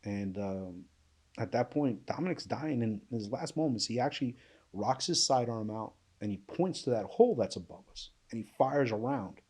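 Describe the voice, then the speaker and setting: A man's voice: medium pitch, expressive, normal speed, a little mellow, slightly rough. Blunt middle-aged man telling a vivid story. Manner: vivid, emphatic retelling that acts out quoted speech; plain-spoken, blunt, swears. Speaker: guest, retired police officer. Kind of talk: emotional first-person storytelling in an interview.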